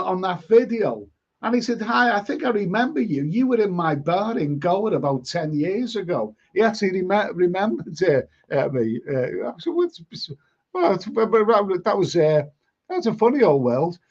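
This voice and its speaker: A man's voice: high-pitched, muffled recording. An older man with a Liverpool accent, hosting a live stream and chatting casually as he reads out viewer comments, rambling, repeating himself and swearing bluntly. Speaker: live stream host reading chat. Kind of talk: casual chat.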